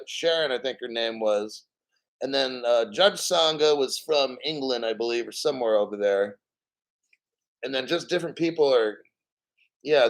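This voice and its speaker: A man hosting a casual crypto livestream, reading chat aloud and rambling, swearing casually and often clearing his throat. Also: mid-range voice, a bit bright.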